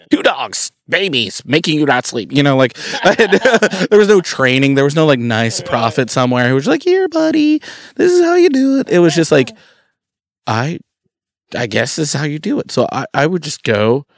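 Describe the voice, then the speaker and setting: A man chatting casually as a guest, telling a story with lively acted-out quotes and many fillers. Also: mid-range voice, vocal fry, no echo, studio quality. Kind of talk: casual chat.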